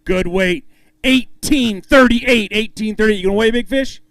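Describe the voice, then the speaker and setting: A slightly bright, high male voice at normal speed, recorded dry, announces a fishing weigh-in. As tournament emcee he calls anglers forward, reads weights, and keeps an upbeat patter of jokes and hype for each.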